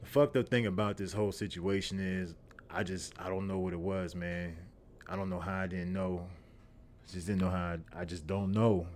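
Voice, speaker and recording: A young man tells a story on his podcast in a very low, deep voice. He talks bluntly and profanely, circling back over his own words. Faint background noise sits under the recording. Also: fairly even intonation, normal speed, a little mellow. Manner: profane, repetitive, streetwise storytelling. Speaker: podcast host. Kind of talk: casual storytelling monologue.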